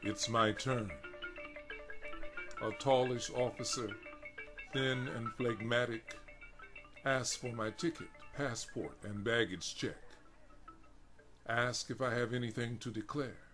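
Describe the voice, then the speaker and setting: A male narrator reads his own first-person prose with unhurried, deliberate weight. His voice sits at an ordinary pitch and paints each scene vividly. Marimba music plays steadily behind him. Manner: slow, deliberate, vivid delivery.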